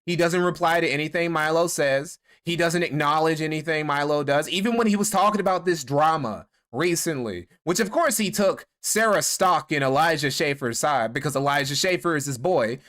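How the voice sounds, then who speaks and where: A man with a slightly high voice talks loosely and crudely as a livestream host. He mocks people with gossipy relish, swears freely and chuckles at his own jokes. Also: moderate pace, few pauses, a bit bright. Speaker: livestream commentator. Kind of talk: casual stream commentary.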